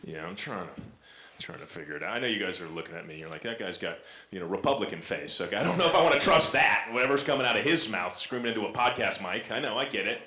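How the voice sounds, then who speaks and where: A man's voice: fairly low pitch, expressive, fast talker, pushed and bright. A young man doing a stand-up comedy set, rambling and self-mocking with lots of fillers. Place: comedy club stage with audience. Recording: echoey club, audience noise.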